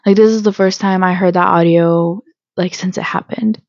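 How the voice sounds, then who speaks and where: A woman hosting her own channel, telling a personal story in a hesitant vlog style with many pauses and restarts. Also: on the low side, steady tone, darkish tone, dry recording, muffled recording. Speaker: channel host.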